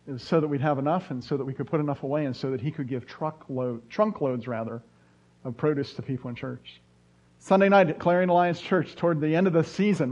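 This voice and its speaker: A middle-aged man preaches a sermon, a little higher-pitched than most men. He tells stories with punchy rising bursts of emphasis. The recording sounds dull and lo-fi. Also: darkish tone. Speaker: pastor.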